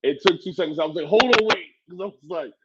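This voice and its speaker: A man's voice: high voice, quick pace, highs cut off, very noisy. A man co-hosting a casual podcast who rambles, swears and laughs a lot. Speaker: podcast co-host. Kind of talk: casual chat.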